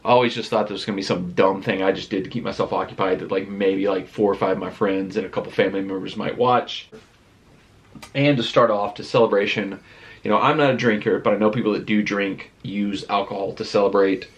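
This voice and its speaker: A man's voice: fairly low pitch, fairly even intonation, a little fast, breathy edge. A man chatting casually as a vlogger in a rambling, self-deprecating way. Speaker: vlogger and live streamer. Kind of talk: casual vlog chat.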